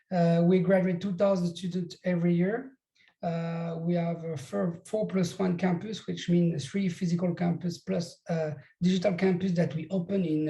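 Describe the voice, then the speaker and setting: A man's voice: a little high, mellow. Male school recruiter, heavy French accent, hesitant delivery, echoey room sound. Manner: halting, many pauses and restarts. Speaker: business school recruitment director. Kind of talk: presenting an online info session.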